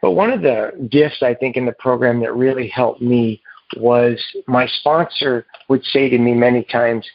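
A man telling his recovery story to a meeting in a halting, earnest way, heard over a phone. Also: mid-range voice, no room sound. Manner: halting and earnest, with repeated restarts. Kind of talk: personal recovery story told to a group. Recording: muffled phone line.

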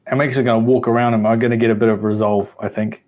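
A young man playing a tabletop game, talking hesitantly with plenty of ums and pauses. He slips in jokes while working out his moves. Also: medium pitch, flat delivery, a little mellow. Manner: hesitant, full of ums, joking. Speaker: player.

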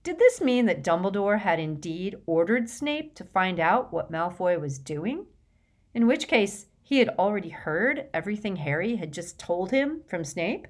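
A woman reading an audiobook with steady, expressive narration. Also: mid-range voice, moderate pace.

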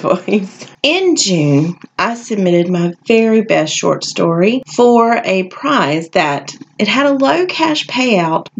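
With a fairly low voice and a little hiss or hum in the recording, a podcast host talks solo in a casual way. She comes across tired and groggy, frank and chatty, laughing lightly often.

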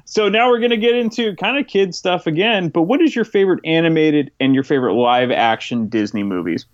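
A man's voice: a little high, lively intonation, no room sound. Upbeat male podcast host, dull audio. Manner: upbeat, quick agreeing. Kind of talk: interview questions. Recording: dull lo-fi recording.

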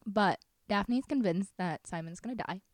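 A woman's voice: mid-range voice, normal speed, no echo. A young woman co-hosting a podcast, chatting casually about a book with jokey, exclaiming asides. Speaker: podcast co-host.

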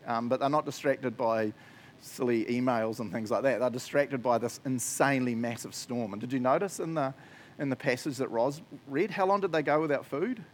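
A man's voice: medium pitch, normal speed, slight background noise. A man giving a casual, joking sermon, often laughing as he talks. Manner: chatty, jokey, laughs often. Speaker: preacher.

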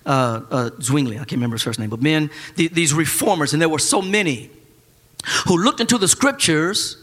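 Lively male pastor, bright, ringing tone, mixes slang and scripture, shouts the peaks. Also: a little fast. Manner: animated, joking, shouting at high points; casual churchy speech with slang. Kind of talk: sermon.

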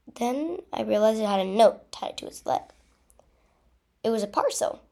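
A woman reading her own first-person adventure story aloud in an unhurried, expressive way. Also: on the high side, gravelly. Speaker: narrator.

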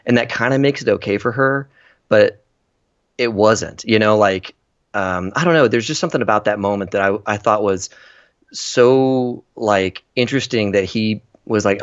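A man's voice: lowish voice, moderate pace, no echo, dull audio. A man chatting casually about a movie, rambling with lots of ums and restarts. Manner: rambling, many fillers and restarts. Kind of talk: casual film discussion.

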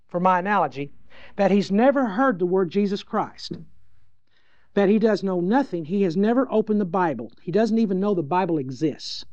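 A man's voice: high-pitched, a little mellow, dry recording. A male preacher delivers a sermon in a folksy, emphatic storytelling way, often stumbling and starting phrases again. The recording is dry and dull, like lo-fi audio.

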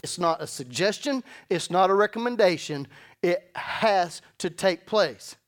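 A man's voice: sits high, lively intonation, measured pace. A man, a pastor, preaching a sermon and reading scripture in an emphatic, conversational way, often repeating words as he goes. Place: church service.

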